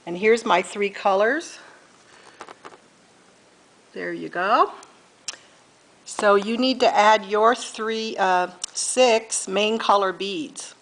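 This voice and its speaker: A woman's voice: medium pitch, very slow, pauses often, a bit bright, rough recording. A middle-aged woman giving a patient step-by-step beading tutorial, counting beads aloud and correcting herself as she goes. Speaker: beading instructor.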